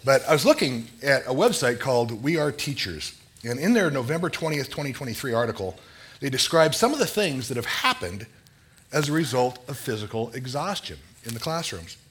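In a church sanctuary, an older man speaking as a lay preacher opens his sermon with a prayer, his mid-range voice a bit bright, brisk and very animated. His manner stays earnest and conversational, with some self-deprecation.

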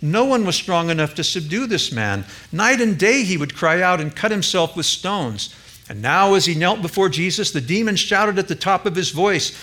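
A man's voice: high voice, animated, normal speed, pushed and bright. A male pastor preaching a sermon, speaking emphatically and addressing the congregation directly.

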